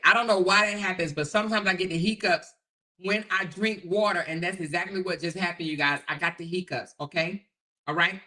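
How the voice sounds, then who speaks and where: A woman's voice: on the low side, bright, forceful tone. A woman hosting a casual livestream, talking straight to her chat and repeating herself as she goes over her notes. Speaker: livestream host.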